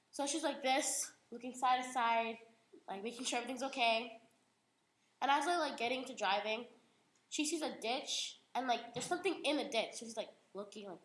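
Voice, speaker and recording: Bright-voiced teen girl telling a story. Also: on the high side, a little fast. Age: teens. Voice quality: giggly, lots of "like". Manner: animated, acts out the voices. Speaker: young storyteller. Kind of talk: retelling a story aloud. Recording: echoey room with faint noise.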